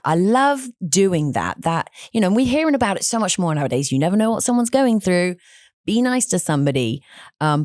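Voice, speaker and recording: Podcast host, woman, lower voice with lots of swing, outspoken chatty storyteller, dry close sound. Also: no echo. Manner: animated and outspoken, with frequent restarts. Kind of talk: casual conversational storytelling.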